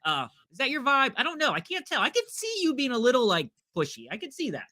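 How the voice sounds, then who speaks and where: A man's voice: extremely high pitch, wildly swooping pitch, fast, bright, forceful tone. A man co-hosting a casual podcast, chatty and joking, peppering his partner with questions. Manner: chatty, asks questions, jokes. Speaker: podcast co-host. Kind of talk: casual chat.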